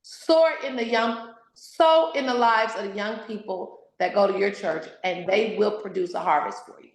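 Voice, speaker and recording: A woman who is an author and speaker gives a candid interview, exhorting in an emphatic, preacherly, sermon-like style. Her mid-range voice moves at a normal speed. The recording is rough and reverberant.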